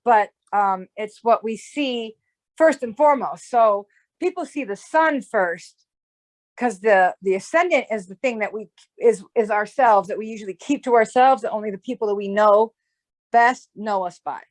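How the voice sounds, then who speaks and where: A woman with a mid-range voice talks at normal speed as an astrologer guest in an informal conversation. Her long explanations ramble, with restarts and repeated "right?" tags.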